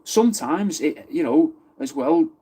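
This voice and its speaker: A man's voice: on the high side, lively intonation, measured pace, warm tone, husky. A man from Manchester with a Mancunian accent, chatting casually on a live stream, answering viewers' comments and swearing freely. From Wythenshawe, Manchester. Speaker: livestream host.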